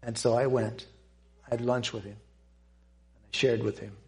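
An older man telling a personal testimony to a church audience, speaking in an earnest, halting way with pauses and restarts. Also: mid-range voice, flat delivery, gravelly. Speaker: Christian speaker giving a testimony.

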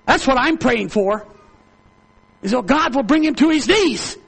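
A man preaching a sermon to a congregation, calling for amens, swinging between loud high exhortation and low hushed storytelling. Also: animated, unhurried, creaky, slightly rough. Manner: calls for amens, reads aloud to the congregation.

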